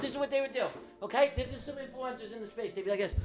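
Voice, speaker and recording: A man hosting a live day-trading stream, talking in a brash, profane and excitable way. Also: very high voice, quick pace, faint music behind. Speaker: day trader hosting a livestream.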